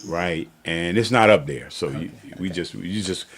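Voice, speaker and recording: A man's voice: low voice, a little slow, fairly bright tone, slightly rough. A man hosting a podcast, chatting in a loose storytelling manner and laughing often. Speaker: podcast host. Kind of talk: casual conversational interview.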